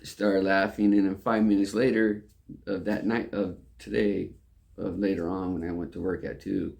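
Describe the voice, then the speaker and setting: Young male storyteller, rambling and repetitive, dark mellow tone with gravel. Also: deep voice. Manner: rambling, repeats "and all that stuff". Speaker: restaurant worker telling a story. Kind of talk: casual rambling anecdote.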